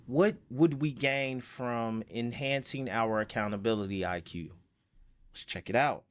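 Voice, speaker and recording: A man's voice: medium pitch, a little slow. A man giving a casual self-help lesson, rambling with fillers and rhetorical questions.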